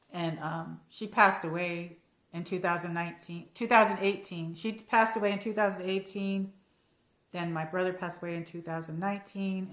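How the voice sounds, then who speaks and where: This American livestream host chats casually from home, wandering between topics and reading viewers' comments aloud. She has a fairly low, slightly bright voice, heard in a reverberant space.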